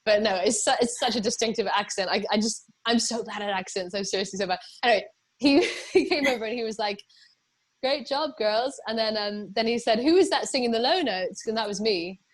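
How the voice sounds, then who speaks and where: A woman's voice: mid-range voice, fast talker. A young British woman from England, a musician chatting casually in an interview, rambling with many fillers and laughs. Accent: British English. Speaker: musician guest.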